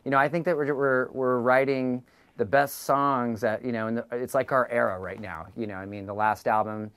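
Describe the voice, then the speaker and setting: A man in a casual interview, talking in a rambling, halting way with many fillers and restarts. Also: medium pitch, steady tone, a bit bright, smooth, no room sound. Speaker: band member interviewed.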